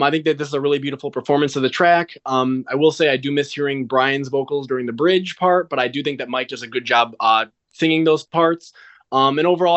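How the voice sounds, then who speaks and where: A man's voice: mid-range voice, a bit bright, lo-fi sound. A man hosting a music podcast, introducing each segment in a structured way with frequent "um"s. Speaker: podcast host. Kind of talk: casual chat.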